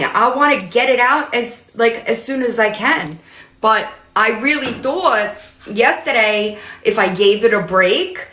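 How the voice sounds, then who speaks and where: A woman's voice: mid-range voice, pushed and bright, echoey room, rough recording. A woman hosting a casual livestream, rambling and swearing often while greeting viewers mid-sentence. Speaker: livestream host.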